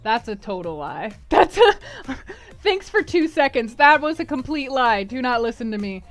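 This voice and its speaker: A woman's voice: on the high side, big pitch swings, moderate pace, soft background music. A woman streamer chatting casually while she plays, rambling and laughing often. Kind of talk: casual chat while gaming.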